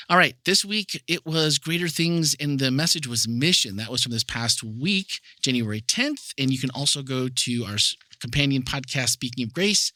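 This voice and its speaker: Upbeat and chatty, a man hosts a church podcast, reading out listener messages and running a giveaway. His mid-range voice is bright and forceful, captured in a dry recording.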